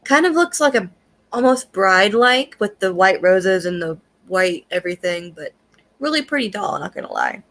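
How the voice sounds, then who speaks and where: Young woman rambling through an anime review, swears a lot, loose and chatty, mid-pitched voice. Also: sing-song, normal speed, a bit bright. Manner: chatty and profane, with frequent fillers and laughs. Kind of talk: casual spoken review.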